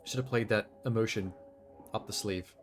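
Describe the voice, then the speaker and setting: A man live-streaming a video game, commentating excitably, swearing often and joking about what happens on screen. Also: fairly low pitch, a little fast, faint music behind.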